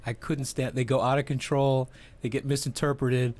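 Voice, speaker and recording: Halting man giving his view. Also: mid-range voice, little pitch movement, a little mellow. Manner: halting, restarting phrases. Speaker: podcast guest, former police supervisor. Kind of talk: casual chat.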